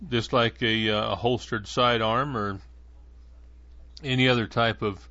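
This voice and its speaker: A man's voice: medium pitch, fairly even intonation, unhurried, sharp tone, dry recording. A man hosting a podcast in a casual monologue, rambling along with many fillers and restarts. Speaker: podcast host. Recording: dull lo-fi dry sound.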